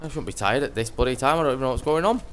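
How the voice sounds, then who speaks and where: A man's voice: medium pitch, animated, racing, noisy background. A young man giving brash, sweary live commentary as he streams a game.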